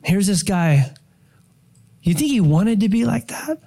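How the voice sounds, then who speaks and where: A man preaching a sermon in a casual, animated storytelling way, acting out quotes as he goes. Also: high voice, unhurried, vocal fry. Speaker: pastor.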